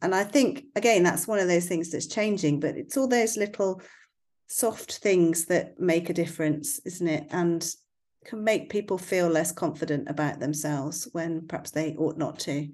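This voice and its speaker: A woman's voice: lowish voice, normal speed, a little mellow. A woman with a West Country accent, chatting in a thoughtful, hedging way on a podcast. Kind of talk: casual chat.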